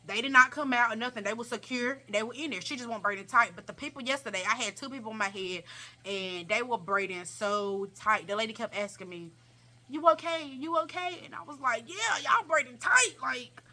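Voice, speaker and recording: A young woman vlogger telling a casual, animated story in slangy talk, repeating herself for emphasis. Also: mid-range voice, fast.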